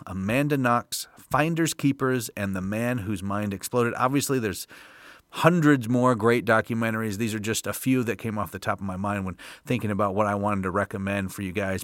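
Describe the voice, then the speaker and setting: A man's voice: on the low side, a bit bright, no room sound. Upbeat rambling male podcast host. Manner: upbeat, rambling, with many fillers. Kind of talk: casual podcast monologue.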